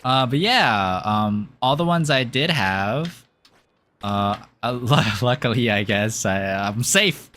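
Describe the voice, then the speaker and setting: Male streamer, casual chat during gameplay; rambling and giggly, with a bright voice. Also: medium pitch, animated, slow. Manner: rambling and giggly, with many fillers. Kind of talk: casual chat while playing a game.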